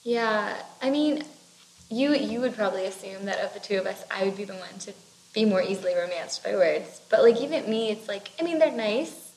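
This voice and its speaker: A woman's voice: medium pitch, expressive, moderate pace, a little mellow. A woman co-hosting a casual book discussion, rambling with lots of "like" and "you know". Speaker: podcast co-host discussing a book. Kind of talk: casual chat. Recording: roomy echo with faint background noise.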